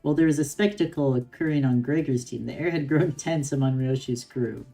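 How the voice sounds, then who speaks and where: A woman's voice: extremely low pitch, a little fast, creaky, dark tone, soft background music. A woman streamer reading a game story aloud on stream, reacting with playful giggles.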